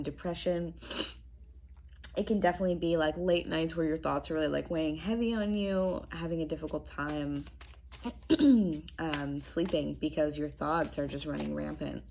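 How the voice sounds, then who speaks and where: A young woman with a lowish voice gives a casual tarot reading from her apartment, chatty and full of fillers. Her throat sounds strained, and she clears it now and then. A faint hiss sits under the recording. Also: moderate pace, darkish tone. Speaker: tarot reader. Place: apartment room indoors.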